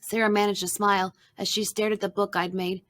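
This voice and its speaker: A woman reading a children's storybook aloud, narrating softly and expressively in the first person. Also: medium pitch, level tone, brisk, no room sound, studio quality.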